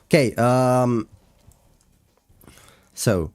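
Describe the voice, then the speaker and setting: Medium in pitch, very slow, and darkish, this man's voice carries no echo. He's an animator on a livestream, casually walking through his work with hesitant speech full of fillers, while faint music plays.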